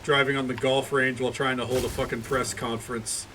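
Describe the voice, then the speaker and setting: A man's voice: medium pitch, level tone, a little fast, noisy background. A man streaming a video game, chatting casually and rambling, with frequent cursing and restarts. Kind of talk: casual gaming commentary.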